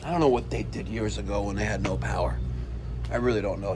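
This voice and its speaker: A noisy background accompanies a middle-aged man who talks quickly in a steady, lowish voice. He's walking outdoors around a resort with pools, vlogging casually, chatting with viewers as folks and sometimes dropping into a whisper.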